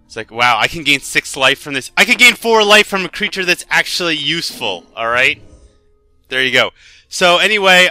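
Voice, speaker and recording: A young man, a gaming video host, casually telling a rambling, self-deprecating story over his gameplay commentary, getting animated when excited. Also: mid-range voice, clean tone. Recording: dry close mic with faint game music.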